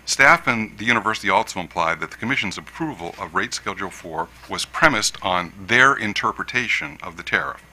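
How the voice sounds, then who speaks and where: Low-pitched guy lawyering at a hearing, sharp bright tone, slow and careful. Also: expressive, low-quality recording. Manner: measured, deliberate, stresses key words. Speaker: attorney for a utility. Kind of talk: formal legal argument at a hearing. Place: hearing room.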